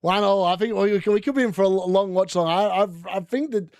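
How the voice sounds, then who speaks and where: A man hosting a casual live football watchalong, excitable and shouting when goals go in. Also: high-pitched, fairly quick, dry recording, clean studio sound. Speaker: watchalong host. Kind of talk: casual live match commentary.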